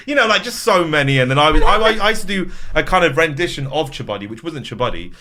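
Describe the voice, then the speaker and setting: Bright-voiced chatty man. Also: a little high, fast talker, hardly any pauses. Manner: lively storyteller, slips into silly voices. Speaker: podcast guest. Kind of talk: casual chat.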